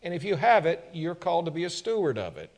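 A male pastor delivering a sermon, full of rhetorical questions, swelling louder and then dropping low. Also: big pitch swings, quick pace.

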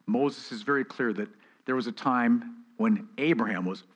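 Male pastor, mid-pitched voice, expository sermon, emphatic, quizzes his listeners, solemn scripture reading. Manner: emphatic, asks the listeners rhetorical questions; reads scripture aloud slowly and solemnly.

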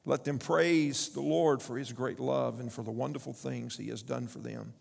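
Male pastor, slightly high voice, sermon with building emphasis; hall reverb. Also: vocal fry. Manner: reads scripture aloud with rising emphasis, asks the congregation questions.

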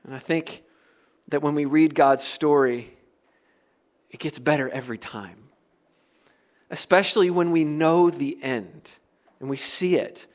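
A middle-aged man from the United States preaching a sermon, earnest and emphatic, with soft dropped asides. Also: sits high. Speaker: pastor.

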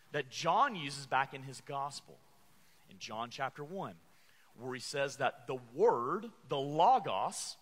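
A man's voice: fairly high pitch, fairly bright tone. A man preaching a sermon as pastor, earnest and emphatic, stressing key words. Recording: church hall reverb.

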